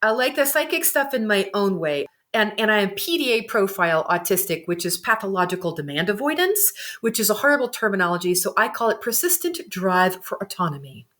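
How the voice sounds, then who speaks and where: A woman giving an animated, expressive interview as a guest, quick to laugh. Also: medium pitch. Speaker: guest, psychic medium and animal communicator. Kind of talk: candid conversational interview.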